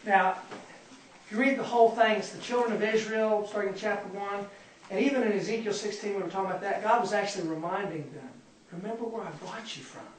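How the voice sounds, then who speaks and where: Fast and high-voiced, the man gives his Bible study as a sermon, earnestly repeating words to stress them. Distant pickup in an echoey room leaves faint noise in the background.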